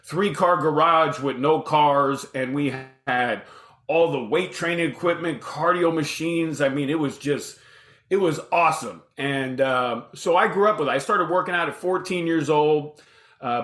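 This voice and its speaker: A man in his fifties, a podcast guest telling his story in a casual, animated way and acting out the dialogue. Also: on the high side, measured pace. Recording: roomy echoey room.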